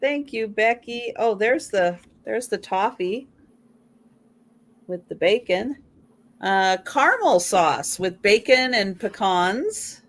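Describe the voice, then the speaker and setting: A woman's voice: medium pitch, expressive, slow, fairly bright tone. A woman hosting a casual live-stream chat, reading items aloud with chatty asides. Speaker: host.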